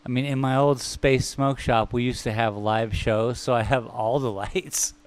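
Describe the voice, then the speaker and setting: A man's voice: mid-range voice, fairly even intonation, unhurried, clear, resonant tone. A man streaming live as he paints, thinking aloud in a rambling, self-mocking way and chatting with viewers. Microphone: microphone.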